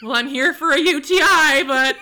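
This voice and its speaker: A woman's voice: high-pitched, moderate pace, bright, forceful tone, a little hiss or hum. A young woman co-hosting a podcast, telling a story in casual chat, acting out other people's lines and laughing often. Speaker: podcast co-host.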